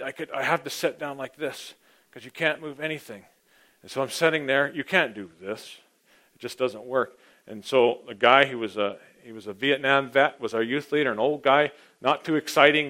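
A middle-aged man preaching a sermon, telling his own story and swinging from hushed asides to loud, emphatic points. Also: mid-range voice. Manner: personal testimony, dynamic, swings from hushed to loud. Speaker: pastor.

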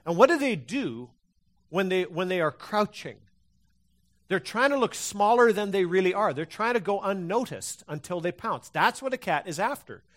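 Male pastor, fairly high-pitched, conversational sermon full of restarts and fillers to a congregation. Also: very animated, normal speed. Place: church hall before a congregation.

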